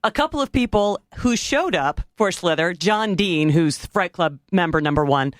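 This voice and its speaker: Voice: mid-range voice, animated, moderate pace, dry recording, clean studio sound. A podcast co-host chatting in an upbeat way and laughing easily. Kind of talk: casual podcast chat.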